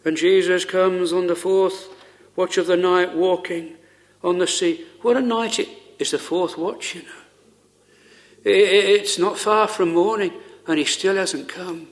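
A man preaching a sermon in an earnest, pleading way, full of pauses and rhetorical questions. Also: sits high, steady tone.

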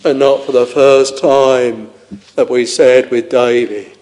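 A man preaching a sermon, tenderly addressing his listeners in a slow, intoning way. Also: mid-range voice, flat delivery, a little mellow. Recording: long reverb of a large hall.

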